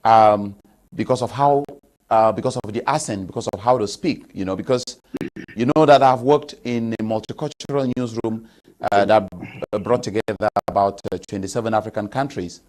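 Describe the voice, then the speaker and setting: A man from Cameroon hosting a TV panel discussion, asking questions in a measured way with frequent fillers. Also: fairly low pitch, a little mellow. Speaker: talk show host.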